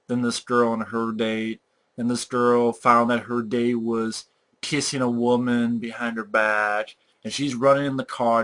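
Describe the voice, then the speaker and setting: A man giving a ranting movie review, swearing freely and sounding exasperated and animated. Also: mid-range voice. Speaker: film reviewer.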